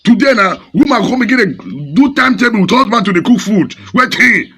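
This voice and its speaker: Fiery, gravelly Nigerian pastor. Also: male voice, high voice, lively intonation, brisk, sharp tone. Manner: fiery, scolding, dramatic. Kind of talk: preaching sermon in Pidgin English.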